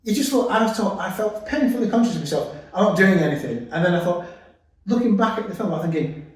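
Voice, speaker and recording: A man's voice: sits high, expressive, quick pace. A man chatting casually as a podcast co-host, telling rambling, self-deprecating stories about performing. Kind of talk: casual chat. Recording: roomy, distant mic.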